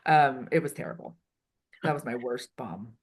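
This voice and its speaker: A woman consultant being interviewed, chatty and animated, acting out quoted lines as she explains. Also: a bass voice, moderate pace, husky. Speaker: HR consultant and improv performer. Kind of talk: casual interview answers. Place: Switzerland.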